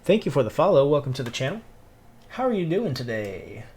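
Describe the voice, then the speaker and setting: He has a medium-pitched voice that is a little mellow with a breathy edge, very animated and fairly quick. A man from Tennessee with a Southern accent, he chats easily with livestream viewers as he works, greeting them and humming and muttering to himself.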